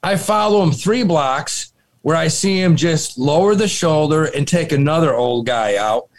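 A man with a fairly high, lively voice tells a wild story to his co-hosts in loose, profane chat. His delivery swings up and down as he builds each beat. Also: a little slow. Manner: animated, swearing, laughing storyteller. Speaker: podcast co-host. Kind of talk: casual storytelling.

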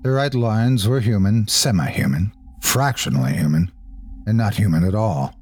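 A man narrating a classic horror story in the first person, with a measured delivery that slows and quickens for suspense. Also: fairly low pitch, big pitch swings, darkish tone, slightly rough. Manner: measured, shifting pace for suspense. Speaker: host and narrator.

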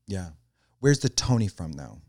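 A young man co-hosting a casual podcast chat, animated and swearing, with shrieks of laughter. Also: sits low, measured pace, no room sound, clean studio sound. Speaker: podcast co-host.

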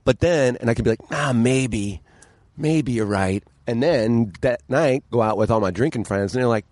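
A man's voice: mid-range voice, normal speed, darkish tone, no echo. A man talking as a podcast guest in casual chat, candid and blunt, swearing and acting out quotes.

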